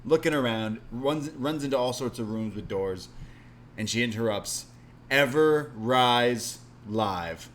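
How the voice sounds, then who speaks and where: A man's voice: medium pitch, normal speed, slight background noise. A man co-hosting a live wrestling review stream, recapping the episode in casual chat and acting out the characters' lines in goofy voices. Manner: animated, acts out quotes in silly voices. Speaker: podcast co-host.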